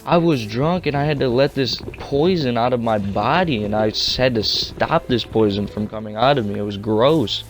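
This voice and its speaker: A man's voice: mid-range voice, moderate pace, few pauses, faint music behind. Laid-back young man telling a story. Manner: rambling, slangy, laid-back. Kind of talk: casual storytelling.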